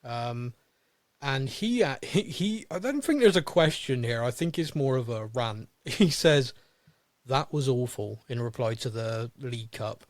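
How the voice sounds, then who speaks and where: A man's voice: medium pitch, lively intonation, unhurried, no room sound. Guy hosting a football podcast, chatty, laughs at himself, dry close sound. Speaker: podcast host. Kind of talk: casual chat.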